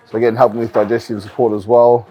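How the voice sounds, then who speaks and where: A man who is a bodybuilder and coach, talking casually to the camera in a vlog, explaining things in a relaxed way with frequent ums and repeated words. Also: medium pitch, fast, slight background noise.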